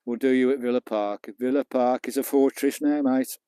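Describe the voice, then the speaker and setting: A British man chatting casually on a live stream while he fishes on a beach. His voice is dark and mellow, recorded dry and close, and he jokes with viewers and swears now and then. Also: medium pitch, steady tone, moderate pace, smooth, dry recording. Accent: British English. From England. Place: outdoors on a beach at night.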